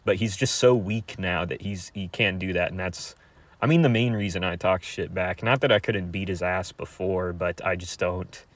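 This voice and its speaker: A young man talking to his viewers in a crude, rambling monologue, halting with many fillers. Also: low-pitched, fairly even intonation, no echo.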